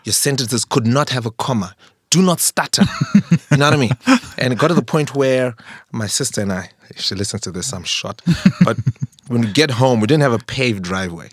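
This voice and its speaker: A middle-aged man from Zimbabwe co-hosting a podcast, telling stories in a measured, careful way. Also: mid-range voice, no room sound, clean studio sound. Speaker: podcast co-host. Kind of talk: casual chat.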